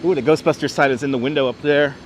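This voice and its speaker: A man with a medium-pitched, steady voice talks at a quick pace while live-streaming a chatty walk through city streets, greeting viewers by name. A cold leaves him slightly congested. His wireless clip-on mic records faint traffic and street sounds.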